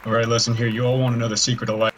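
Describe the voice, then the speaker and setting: A man's voice: mid-range voice, level tone, racing, slight background noise. A man playing a debate candidate in a mock political debate on voice chat, rambling and boastful in a conspiratorial way.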